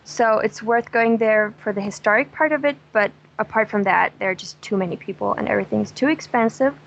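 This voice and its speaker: A woman's voice: mid-range voice, fairly quick, creaky, lo-fi sound, a little hiss or hum. Chatty German-accented woman. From Dresden, Germany. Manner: chatty, laughs often, tells jokes with gusto. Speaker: travel guest. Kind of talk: casual interview chat.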